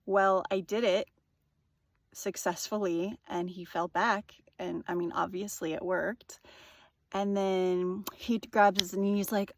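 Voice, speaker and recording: A woman's voice: mid-range voice, steady tone, unhurried. A young woman telling a personal story in a casual, rambling monologue, full of fillers and swearing. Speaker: vlogger.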